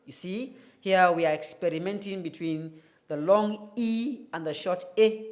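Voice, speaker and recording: Male English tutor, TV phonetics lesson, slow and methodical, repeats sounds for the class. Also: high-pitched. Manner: slow, deliberate, repeats sounds to demonstrate them.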